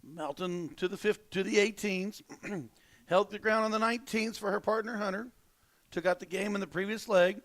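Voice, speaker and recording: A man doing live darts commentary, excitable and animated in his play-by-play. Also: sits high, normal speed, slight background noise.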